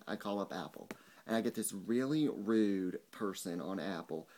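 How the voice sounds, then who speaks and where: A man's voice: fairly low pitch, normal speed, darkish tone. A young man ranting angrily to camera in a vlog, swearing a lot and mocking the people he quotes. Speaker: vlogger. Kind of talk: angry rant to camera.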